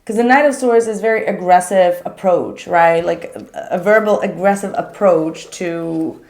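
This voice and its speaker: A young woman giving a casual tarot reading to viewers, chatty and animated, with frequent filler words. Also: fairly low pitch, a little slow. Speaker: tarot reader.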